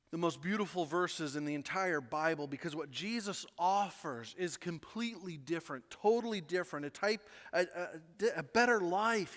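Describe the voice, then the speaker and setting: Animated high-voiced male preacher. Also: in a large hall. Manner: animated, repeats words, asks the congregation questions. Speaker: pastor. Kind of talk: sermon. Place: church sanctuary.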